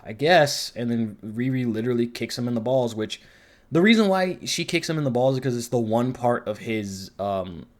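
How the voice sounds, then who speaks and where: A man reviewing a show in casual commentary, rambling and swearing freely, with animated swings in his voice. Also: mid-range voice, normal speed.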